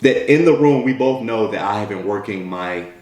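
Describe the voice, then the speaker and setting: A man's voice: lowish voice, expressive, moderate pace, darkish tone. A man from the United States giving a direct, repetitive motivational talk as a mentor. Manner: direct, repetitive, keeps asking "right?". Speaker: motivational speaker. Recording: roomy echo.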